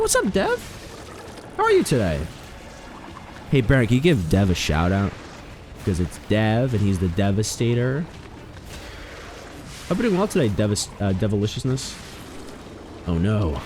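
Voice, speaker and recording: Wildly animated male game streamer. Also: fairly low pitch. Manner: animated, swings from mumbling to loud outbursts, swears. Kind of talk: casual live gaming commentary.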